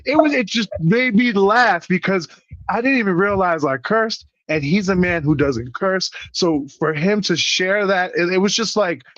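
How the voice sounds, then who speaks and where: Brief: man from Puerto Rico, wrestler guest, animated and profane storyteller, somewhat high voice, dull dry lo-fi audio. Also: moderate pace, no room sound. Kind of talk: casual interview chat.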